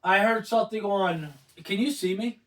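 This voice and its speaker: A man hosting a casual sports talk show, loud and animated, swearing freely. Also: sits high, moderate pace, distant mic, low-quality recording.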